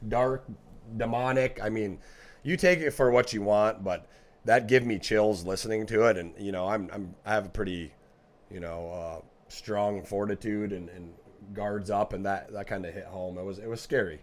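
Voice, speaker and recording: Male co-host, low voice, halting casual reaction talk. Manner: halting, many fillers and restarts. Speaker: podcast co-host.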